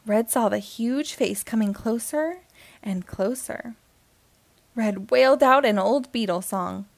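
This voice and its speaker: A woman hosting and reading a children's book aloud in a slow, expressive way. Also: a little high, vocal fry, no echo. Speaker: host and reader.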